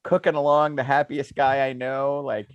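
This mid-range male voice, at a moderate pace with no echo, belongs to a podcast co-host in a casual chat. He's an animated storyteller who laughs often.

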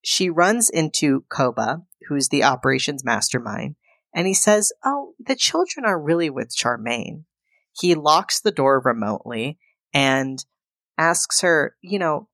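A woman's voice: low-pitched, big pitch swings, a little slow, a bit bright, dry recording. A woman co-hosting a podcast, casually retelling a film's plot and acting out the characters' lines as she goes. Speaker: podcast co-host. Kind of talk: casual film recap.

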